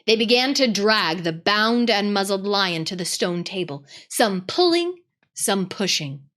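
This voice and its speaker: A female host reads a storybook aloud in an expressive, dramatic way. She takes her time, and her pitch is animated.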